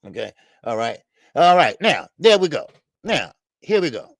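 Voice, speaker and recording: A man hosts a live-streamed boxing show in a high, gravelly voice that leaps up and down. He talks loosely and slangily with laughing asides, and the sound is close and dry with no room echo. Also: big pitch swings, moderate pace, a bit bright. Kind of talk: live-streamed commentary and chat.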